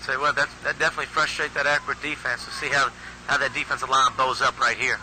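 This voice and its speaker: At a youth football game on an outdoor field, a man delivers live play-by-play in a fast, bright, forceful mid-range voice with a flat delivery. He's chatty and folksy and keeps restarting his phrases, and the field recording is noisy.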